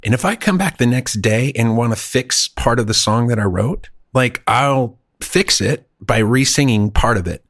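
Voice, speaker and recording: A man's voice: mid-range voice, expressive, normal speed, hardly any pauses, a bit bright, no room sound, studio quality. A man talking casually as a musician, easygoing and a bit puzzled, calling his friend dude. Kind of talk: casual chat.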